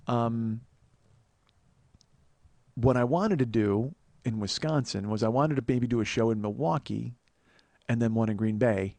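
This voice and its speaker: This podcast host is a man with a medium-pitched voice and vocal fry, recorded on a podcast mic with no echo. Alone, he narrates a road story, cursing liberally and performing other people's lines with lively energy.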